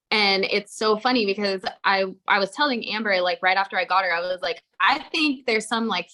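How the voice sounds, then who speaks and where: A woman's voice: on the low side, sharp tone. A young woman co-hosting a podcast, chatting casually with lots of "like" and the odd swear word. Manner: chatty, swears freely, full of likes. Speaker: podcast co-host. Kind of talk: casual chat.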